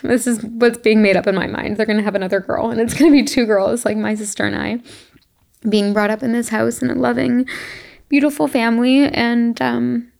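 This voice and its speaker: Emotional young woman, gravelly voice. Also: a little high, steady tone, fairly quick, a little mellow. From Canada. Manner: reflective, emotional, laughs often. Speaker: podcast host. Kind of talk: casual solo monologue.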